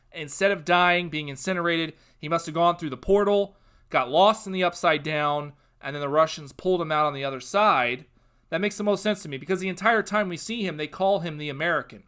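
A young man hosting a casual podcast, giving an opinionated TV review that turns into a loud, sarcastic rant. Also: fairly high pitch, clean tone. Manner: ranting, sarcastic, gets loud and worked up. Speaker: podcast host.

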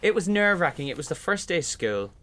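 Animated Irish man telling stories. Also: on the high side, quick pace. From Ireland. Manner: animated, acts out voices in anecdotes. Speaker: musical theatre performer. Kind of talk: casual storytelling interview.

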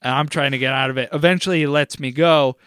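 Casual podcast co-host, young man, smooth, slightly high voice, dry close mic, swears freely and rambles. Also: fairly even intonation, quick pace, a bit bright, no room sound. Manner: profane, rambling, laughs through his stories. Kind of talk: casual storytelling chat.

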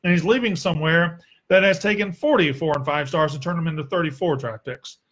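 Young Southern man, a fairly high voice, blunt and sarcastic, casual Q&A host who swears freely. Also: brisk, a bit bright. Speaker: sports podcast host. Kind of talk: casual solo Q&A.

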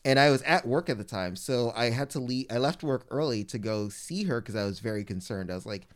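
A man tells a rambling personal story in relaxed conversation, his tone smooth and clear. He keeps sliding into the voices of the people he describes and peppers everything with "like". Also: mid-range voice, brisk. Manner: animated, heavy use of "like", mimics people he quotes. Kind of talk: casual storytelling chat.

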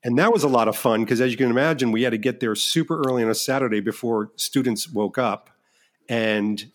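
A middle-aged man talks as a guest in a relaxed interview. He tells behind-the-scenes stories in an animated, self-mocking way. He often stumbles and restarts mid-sentence. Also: medium pitch, fairly quick. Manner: animated, self-deprecating storyteller with frequent restarts. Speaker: filmmaker guest. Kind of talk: casual interview chat.

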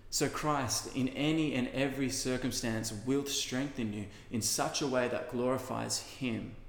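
A male pastor preaching a sermon in an earnest, conversational way with casual asides. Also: medium pitch. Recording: echoey hall with long reverb.

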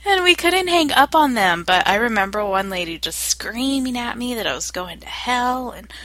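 A woman's voice: a little high, moderate pace, no echo. A woman in casual chat, telling work stories with frequent laughter. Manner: lively, laughs through her stories.

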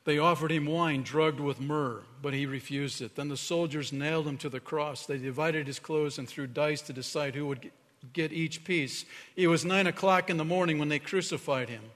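A man's voice: a little high, steady tone, moderate pace. Male pastor preaching in a reverberant hall. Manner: earnest preaching, drops to a hushed tone for emphasis. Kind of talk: sermon.

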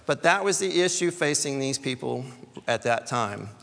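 A man's voice: medium pitch, lively intonation, normal speed, creaky, fairly bright tone, big-room sound. A man, a church elder, preaching a conversational sermon, often repeating words and rising to emphatic peaks.

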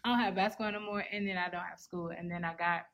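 A woman in her twenties in casual conversation, talking in a relaxed, reflective way. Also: fairly low pitch, quick pace. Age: 20s. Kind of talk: casual chat.

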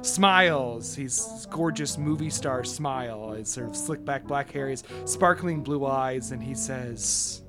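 A man running a tabletop horror game as game master, narrating hesitantly and filling pauses with many "uh"s. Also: mid-range voice, lively intonation. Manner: hesitant, full of "uh" fillers. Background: background music.

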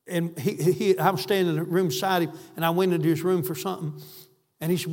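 A man's voice: on the high side, fairly even intonation, fast talker, a little mellow. A man preaching a sermon, fervent and emphatic, repeating phrases for stress. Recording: echoey hall.

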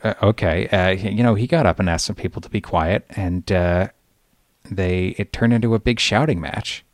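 A middle-aged man hosts a podcast in casual chat. His voice sits a little low and he recounts annoyances in a wry, exasperated way. The sound is dry and close, with no room around it. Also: normal speed, no echo. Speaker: podcast host.

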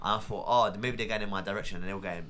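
A man's voice: on the low side, fast. A young man telling a story about his cab work in casual chat, acting out other people's voices as he goes. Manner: animated, acts out voices in quotes.

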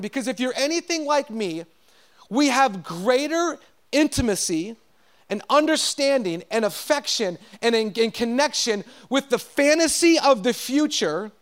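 A pastor preaching an earnest sermon, calling out to his congregation and dropping softer to stress his points. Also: very high-pitched, animated, moderate pace, clean tone.

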